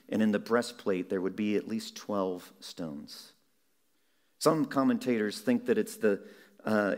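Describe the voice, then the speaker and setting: A man preaching a sermon in a measured way, slowing down on key words for emphasis. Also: on the low side.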